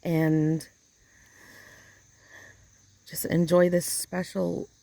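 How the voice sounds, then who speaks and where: Rambling, emotional woman with a gravelly voice. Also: lowish voice, little pitch movement, very slow, warm tone, no echo. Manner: rambling, emotional, searching for words. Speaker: vlogger. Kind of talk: casual outdoor vlog. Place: outdoors in a yard chair.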